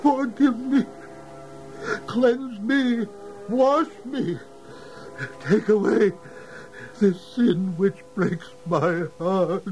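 A man's voice: sits high, steady tone, very slow, pauses often, a little mellow, highs cut off, soft background music. An actor playing a frightened, remorseful fisherman in a radio drama, earnest and pleading. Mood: repentant.

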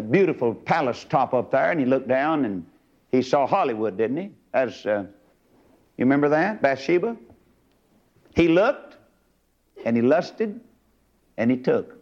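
A man preaching an old-time sermon, dropping to low murmurs and leaping to high shouting bursts. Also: dull audio.

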